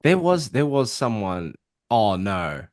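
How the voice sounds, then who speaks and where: A man co-hosting a comic book podcast, talking in an animated way, swearing freely and jumping into quick impressions. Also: lowish voice, no room sound, studio quality. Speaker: podcast co-host. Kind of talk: casual chat.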